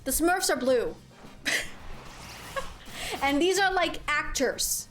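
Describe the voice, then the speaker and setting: A woman giving casual gameplay commentary as a streamer. She is chatty and rambling, with lots of "like", and excitable. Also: high voice, slow, long pauses, faint music behind. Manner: chatty and rambling, heavy use of "like"; excitable, squeals with delight. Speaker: game streamer.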